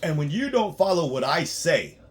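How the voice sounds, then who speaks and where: A man working as a tax preparer, ranting bluntly and profanely in a monologue, swinging between loud outbursts and low muttering. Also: sing-song, moderate pace, husky.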